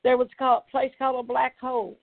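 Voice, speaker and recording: A woman's voice: high-pitched, level tone, fast talker, no echo. An older woman evangelist, recounting a vision and pleading earnestly with listeners. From Tennessee, USA. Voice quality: gravelly, husky. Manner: fervent, repetitive, earnest pleading. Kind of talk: preaching testimony. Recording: tinny phone-like line.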